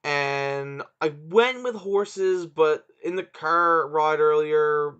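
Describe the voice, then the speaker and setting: A man's voice: on the high side, slow, fairly bright tone, clear, resonant tone. A man co-hosting a casual podcast chat, hesitant and searching for words. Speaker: podcast co-host. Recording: dull lo-fi sound.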